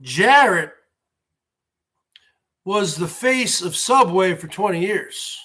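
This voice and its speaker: Man in his forties hosting a stream rant, sarcastic, high bright voice, unhurried. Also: animated, husky. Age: 40s. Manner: sarcastic, emphatic, repeats himself. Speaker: show host. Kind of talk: casual livestream rant.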